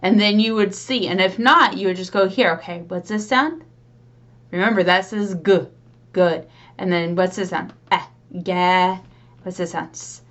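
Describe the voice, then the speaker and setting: A woman's voice: mid-range voice, steady tone, moderate pace, fairly bright tone, muffled recording. A woman reading tutor demonstrating how she teaches children to blend sounds, speaking patiently and encouragingly. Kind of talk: instructional demonstration.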